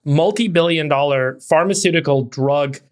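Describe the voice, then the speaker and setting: A middle-aged man co-hosts a podcast and explains things at length. His voice is slightly high. He talks fluently but often repeats words as he goes. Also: normal speed. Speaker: podcast co-host.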